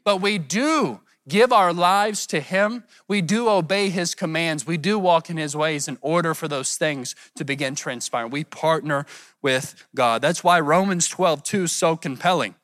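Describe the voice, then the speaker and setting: A man's voice: fairly high pitch, measured pace, a bit bright, dry recording, studio quality. A man preaching a sermon in a conversational way, often asking the congregation rhetorical questions and addressing members by name. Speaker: pastor.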